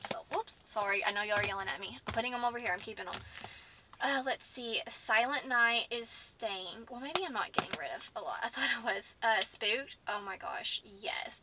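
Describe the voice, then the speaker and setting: Chatty woman sorting makeup. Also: fairly high pitch. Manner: chatty, indecisive, laughs often. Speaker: beauty vlogger. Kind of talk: casual chat to camera. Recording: audible background noise.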